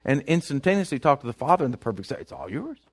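A man's voice: mid-range voice, very animated, quick pace, slightly rough. A man preaching a sermon, often asking if his listeners follow and repeating words as he restarts. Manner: keeps asking the congregation if they follow; acts out worried people in a hushed voice.

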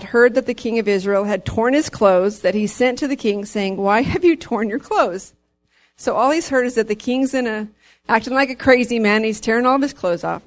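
A woman with a fairly high voice gives an informal Bible teaching. She reads scripture aloud and talks it through with fillers and casual asides. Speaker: bible study leader.

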